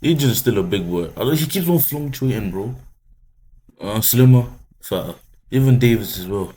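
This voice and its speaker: A man's voice: medium pitch, expressive, moderate pace, warm tone, slightly rough. A man casually reacting to a video, slangy and laid-back, with swearing.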